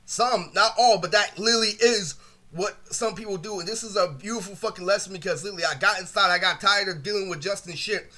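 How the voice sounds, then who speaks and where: High, bright-voiced man ranting through a story. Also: fast. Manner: rambling, heavy swearing, fillers of "literally"; aggrieved, ranting retelling. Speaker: vlogger telling a story. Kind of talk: casual storytime monologue.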